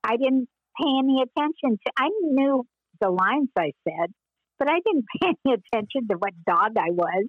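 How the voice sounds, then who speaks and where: An older woman and former child actress, telling stories in an interview with meandering pauses and frequent laughs. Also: on the high side, lively intonation, no echo, phone-quality sound. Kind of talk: reminiscing interview.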